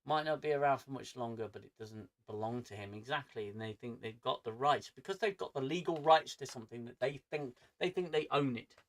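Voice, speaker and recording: A man's voice: mid-range voice, fairly quick, hardly any pauses. A man with an angry manner who swears a lot, ranting casually on his livestream from home. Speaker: streamer.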